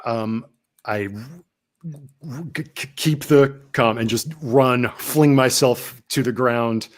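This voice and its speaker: A man playing a tabletop role-playing game, talking in a halting way with many fillers. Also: mid-range voice, steady tone. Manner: halting, full of fillers and restarts. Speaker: player.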